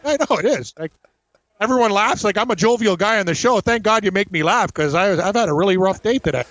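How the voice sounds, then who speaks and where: A man's voice: high-pitched, quick pace, a bit bright, dry recording, highs cut off. A man co-hosting a sports betting show in casual chat, a joking storyteller who acts out what others said. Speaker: co-host.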